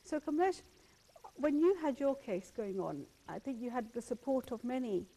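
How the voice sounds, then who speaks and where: A woman's voice: a little high, lively intonation, normal speed, warm tone. A woman hosting a phone-in talk show, speaking earnestly and repeating words as she builds her points. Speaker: host.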